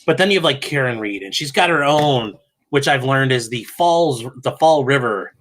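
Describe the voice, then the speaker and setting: A man's voice: medium pitch, animated, moderate pace, a bit bright. A man talking as a guest on a podcast, casual chat, blunt and opinionated, often repeating words as he starts. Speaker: guest, legal commentator.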